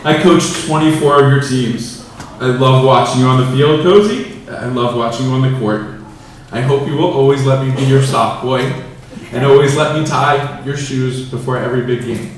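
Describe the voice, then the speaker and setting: A man's voice: mid-range voice, normal speed, slight background noise. A man in his forties, a father giving a playful, joking speech to his daughter in a large banquet room. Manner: joking, playful, getting emotional. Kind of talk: prepared family speech. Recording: echoey hall from far off, crowd.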